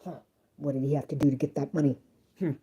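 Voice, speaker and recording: A woman's voice: low-pitched, fairly even intonation, quick pace, mellow. A woman reading a story aloud on a live stream in a chatty, playful way, breaking off for jokes and asides. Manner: chatty, playful, swears and jokes between passages.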